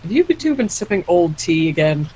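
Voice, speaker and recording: A man's voice: high-pitched, big pitch swings, normal speed, darkish tone, slightly rough, full character voice, low-quality recording. A man voicing a dismissive nobleman who brushes off his servants with scorn. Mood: scornful.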